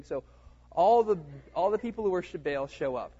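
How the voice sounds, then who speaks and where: A man's voice: high voice, expressive, normal speed, dark tone, slightly rough, muffled recording. A man teaching a casual Bible study in a conversational way, with fillers and frequent "right?" check-ins to his listeners.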